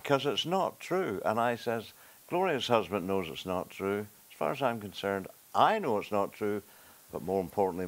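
Older Northern Irish man telling stories. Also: lowish voice. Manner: storytelling with acted-out quotes. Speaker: talk show guest, former sports broadcaster. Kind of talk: casual anecdote telling.

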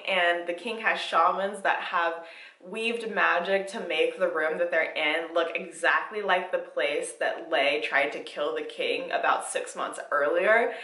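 A woman book vlogger chatting casually about a novel she is reading, recapping the story and reacting out loud. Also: lowish voice, echoey room. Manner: chatty recap, breaking into laughs and pained outbursts while reading. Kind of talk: casual reading vlog chat.

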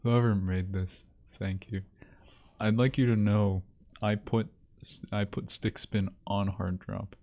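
A man's voice: fairly low pitch, flat delivery, slow, darkish tone. A man streaming live, chatting casually and rambling between bursts of laughter and mock self-pity. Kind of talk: casual livestream chat.

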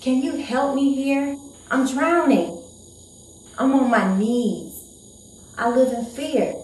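A woman's voice: high-pitched, takes it slowly, a little mellow, a little hiss or hum. An actress performing dramatic poems as an abused young woman, with a raw, pleading delivery. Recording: echoey room.

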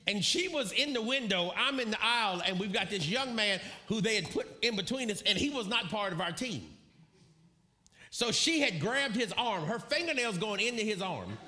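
High, lively preacher man. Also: normal speed. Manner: animated storytelling with shouted quotes and laughter. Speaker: pastor. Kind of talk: sermon.

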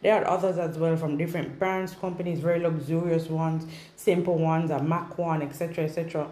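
A woman's voice: low voice, fairly even intonation, brisk, warm tone. A woman with a Jamaican accent chatting casually for a storytime vlog. She rambles along with asides and fillers. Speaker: vlogger. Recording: roomy echo.

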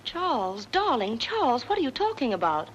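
A woman voicing a brisk, sensible wife who scolds and loses patience, in a radio play reading. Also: sits high, very animated, muffled recording, slight background noise. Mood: scolding.

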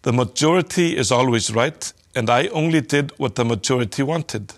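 Sly greedy space trader, as a male reader puts him on, smug sales patter, mid-pitched. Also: normal speed, lightly acted.

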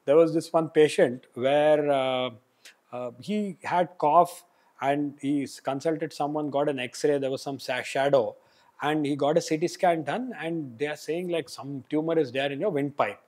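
A man, a pulmonologist, recounts patient stories in a lively, chatty way, his slightly high voice breaking into laughter as he goes. The talk is a relaxed interview. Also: unhurried. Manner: animated, laughs while telling anecdotes. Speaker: pulmonologist guest. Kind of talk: casual interview storytelling.

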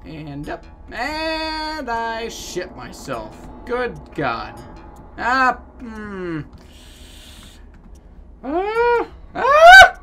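A man giving casual gameplay commentary, animated with loud outbursts and self-mocking jokes. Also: high voice, extremely slow, soft background music. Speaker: gaming video host.

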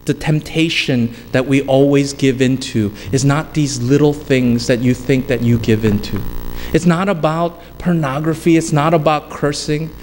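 A man's voice: medium pitch, fairly even intonation, normal speed, a little mellow. A male pastor preaching a sermon, emphatic and repetitive, slipping into casual storytelling asides. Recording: long hall reverb with faint background noise.

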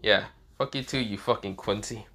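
A man's voice: on the low side, normal speed, a bit bright. A young man voicing a brash, hot-headed young male devil who curses freely, in a fan-made story.

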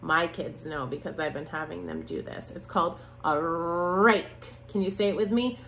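A woman teaching preschoolers in a video lesson, slow and sing-song, climbing high on rhymes and praise. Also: fairly even intonation, gravelly, fairly bright tone. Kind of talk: video lesson for young children. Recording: echoey room, faint hum.

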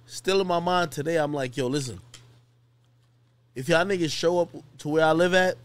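A man co-hosting a podcast. He talks in excitable, slangy casual chat and keeps cutting in with questions. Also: a little high, normal speed, dry recording. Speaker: podcast host.

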